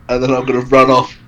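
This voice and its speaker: A man playing a tabletop game, joking excitably and swearing casually. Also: mid-range voice, slight background noise. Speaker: player.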